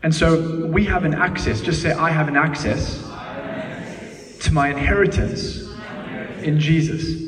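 A man in his thirties preaching a sermon, lively and laughing as he tells family stories. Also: fairly high pitch, a little slow, long pauses. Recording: echoey hall, mic at a distance.

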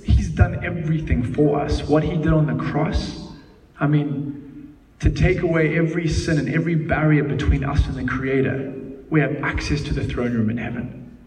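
A man in his thirties preaching a sermon, lively and laughing as he tells family stories. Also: a little high, normal speed. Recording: echoey hall, mic at a distance.

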